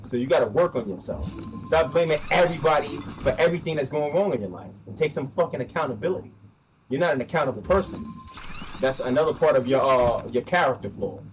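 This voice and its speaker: A man live-streams while playing a game, ranting bluntly and casually, repeating himself, swearing, and saying "bro" often. His medium-pitched voice is expressive and fast. Faint music plays behind him.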